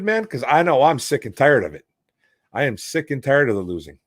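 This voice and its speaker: Michigan sports talk host, frustrated rambling delivery, dry close sound. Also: male voice, medium pitch, sing-song, a little fast, no room sound. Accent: Detroit, Michigan. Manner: frustrated, rambling, calls listeners bro and man. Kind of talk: casual sports talk, reading chat questions.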